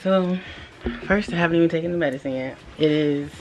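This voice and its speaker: A woman's voice: sits low, a little fast, a little mellow. A young woman vlogging casually to a camera propped up at home, chatty, scattered and apologetic as she talks. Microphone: camera propped up nearby. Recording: noisy home recording.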